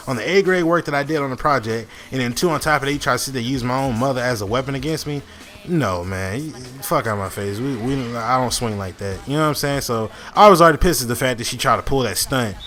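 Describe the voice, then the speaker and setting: Talking at a quick pace in a medium-pitched, fairly bright voice, a young man who hosts a gaming channel rambles through a lengthy story over gameplay. He leans heavily on fillers, keeps restarting and swears a lot.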